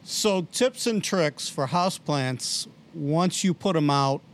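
A man's voice: on the high side, expressive, slow, a little hiss or hum. A man in his late fifties co-hosting a radio show, making dry, teasing interjections. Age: 50s. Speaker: radio co-host. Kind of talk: casual radio chat.

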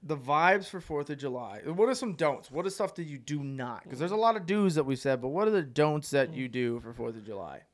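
A young man with a Midwestern American accent, co-hosting a podcast, telling stories in animated casual chat and swearing freely. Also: a little high, a little fast, few pauses. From Ohio. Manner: animated, swears a lot, acts out quotes loudly. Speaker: podcast co-host.

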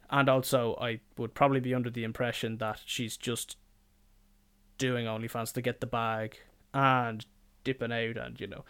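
A man's voice: medium pitch, smooth. A young adult man, hosting a podcast in a rambling, jokey, profane monologue. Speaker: podcast host.

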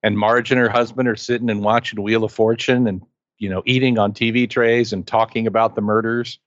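A man's voice: on the low side, level tone, fairly quick, dry recording, highs cut off. A man co-hosting a casual movie chat, enthusiastic and rambling, with playful asides. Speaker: podcast co-host.

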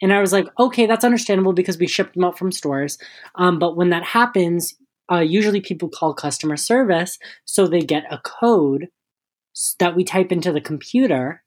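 A young man co-hosting a podcast, telling a story in a casual, animated way, cursing freely and acting out the people in it. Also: high voice, normal speed. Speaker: podcast co-host.

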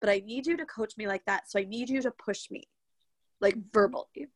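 A young woman, a guest, recounts her birth story in a casual, chatty way, animatedly acting out what people said with many quoted asides. Her voice is mid-range and fairly quick.

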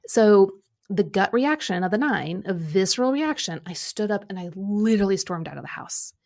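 A middle-aged woman coaching and telling a personal story in an animated way, acting out quoted lines. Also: mid-range voice, normal speed. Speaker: Enneagram coach and podcast host.

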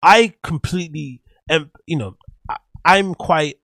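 A man's voice: a little high, measured pace, a bit bright, no echo. A man hosting a solo podcast, rambling through opinionated hot takes and swearing casually. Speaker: podcast host.

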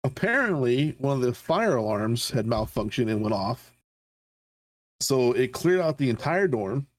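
A man's voice: medium pitch, big pitch swings, measured pace, no echo, clean studio sound. A middle-aged military veteran co-hosting a podcast, telling stories in casual, profane chat and often laughing at his own punchlines.

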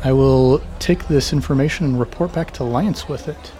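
A man's voice: mid-range voice, moderate pace, mellow. A man playing a tabletop game, chatting in an eager, amused way. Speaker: player. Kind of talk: casual game-table chat.

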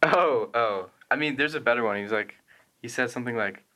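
Bright-voiced young man, laid-back. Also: medium pitch, a little fast. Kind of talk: casual chat.

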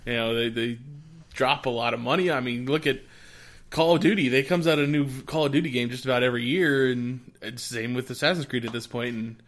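A man chatting casually, answering hesitantly with frequent pauses and restarts. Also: medium pitch, fairly bright tone. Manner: hesitant, many fillers and restarts. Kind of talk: casual chat.

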